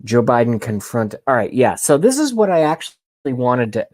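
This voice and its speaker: A man's voice: medium pitch, sing-song, moderate pace, a little mellow. A man hosting a casual vlog and rambling along in loose, profane, self-mocking commentary. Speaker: vlog host.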